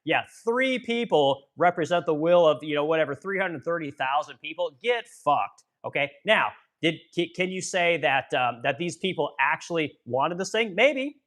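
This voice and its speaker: Livestream host, male, 40s, from Missouri; profane, heated rant, somewhat high voice. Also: expressive, normal speed, hardly any pauses, a bit bright. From Missouri, USA. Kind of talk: political rant and chat reading.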